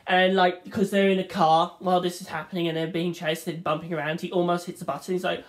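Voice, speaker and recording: A woman's voice: fairly low pitch, a little fast. A woman reviewing a film in a rambling, casual monologue, swearing freely and acting out the scenes.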